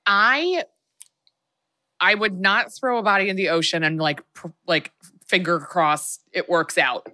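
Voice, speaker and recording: A woman's voice: on the low side, pushed and bright. A woman co-hosting a podcast, reacting wryly in casual chat and weighing what she would do. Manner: quick reactive interjections, wry. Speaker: podcast co-host.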